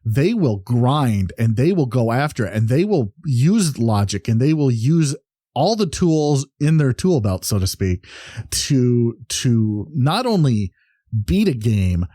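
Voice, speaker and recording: A man's voice: medium pitch, sing-song, takes it slowly, dark tone, no room sound, clean studio sound. A man from the United States co-hosting a podcast. He gives opinions in casual talk and often stammers and repeats words. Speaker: podcast co-host.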